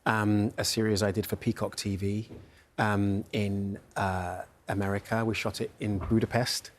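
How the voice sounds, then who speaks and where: A man, an actor, talking in a relaxed, chatty way with many fillers during an interview. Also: fairly low pitch, a little slow. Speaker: actor guest. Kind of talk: interview chat.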